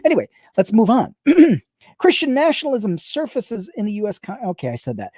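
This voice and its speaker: A woman reading a book aloud on a livestream, rapid-fire, breaking off for sarcastic asides to her viewers. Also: mid-range voice, wildly swooping pitch, warm tone, slightly rough, dry recording, clean studio sound. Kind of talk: reading aloud with live commentary.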